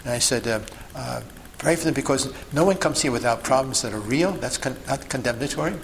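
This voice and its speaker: A man's voice: mid-range voice, fairly quick, creaky, a little hiss or hum, rough recording. A man giving an instructional talk to a group as a sidewalk counselor, emphatic and full of rhetorical questions and checks like "okay?" and "see?".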